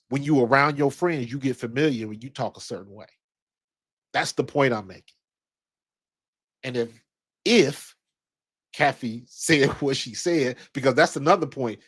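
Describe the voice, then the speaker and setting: A man in his fifties, raised in Ohio, giving casual basketball commentary in a blunt, slangy, rambling way with some profanity. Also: medium pitch. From Ohio, USA. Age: 50s. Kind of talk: casual commentary with personal storytelling.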